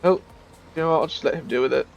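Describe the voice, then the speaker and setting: A man giving casual gameplay commentary as a streamer, chatty and self-mocking, with bursts of excited shouting. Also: a little high, rapid-fire, gravelly, highs cut off, soft background music.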